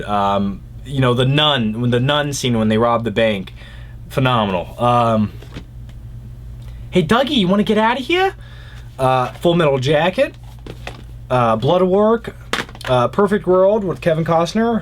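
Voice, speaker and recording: A man's voice: mid-range voice, slight background noise. A young man casually reviewing movies in a rambling way, with jokey asides.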